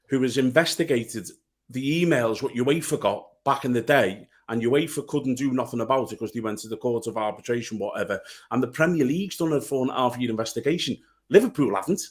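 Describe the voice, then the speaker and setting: A man's voice: medium pitch, a little fast. A man co-hosting a football podcast, blunt and heated, swearing freely as he rants. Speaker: podcast co-host. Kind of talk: casual football chat.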